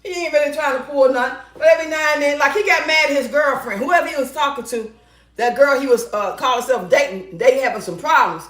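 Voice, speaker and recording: Middle-aged woman vlogger, high-pitched, loud and blunt, swearing freely, in an echoey kitchen. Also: quick pace. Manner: loud, blunt and profane, with bursts of laughter. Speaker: relationship advice vlogger. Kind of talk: casual storytelling chat.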